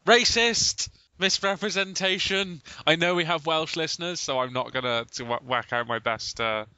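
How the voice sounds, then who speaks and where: Podcast cohost, bright sharp voice, fake-outraged jokes, dry lo-fi sound. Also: medium pitch, fairly quick, clear, resonant tone, no echo. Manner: mock-outraged jokey outbursts. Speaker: podcast co-host. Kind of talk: casual chat. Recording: dull lo-fi podcast audio.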